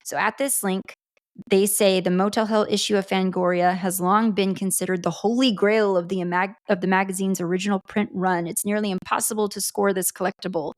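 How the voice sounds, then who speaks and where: A woman co-hosting a podcast in casual movie chat, reacting aloud to each scene in an animated way. Her voice sits in a middle register. It is recorded close and dry, with no room sound. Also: medium pitch, brisk, dry recording. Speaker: podcast co-host.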